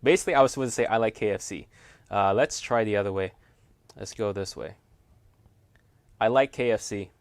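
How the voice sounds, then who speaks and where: A man's voice: lowish voice, quick pace, smooth, dry recording. A man reviewing a gadget in a chatty, casual demo, laughing easily and poking fun at himself. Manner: chatty, laughs easily, self-deprecating asides. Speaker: tech reviewer.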